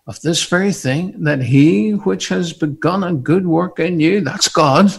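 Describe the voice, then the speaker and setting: A man preaching a sermon, animated and often laughing, building to fervent repetition. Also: a little high, a little slow, vocal fry, husky.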